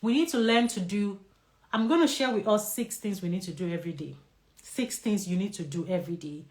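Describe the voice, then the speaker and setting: This time the Nigerian-accented woman doctor talks a little fast in a mid-range voice, leading a lively live session on stress and responding to viewers' questions.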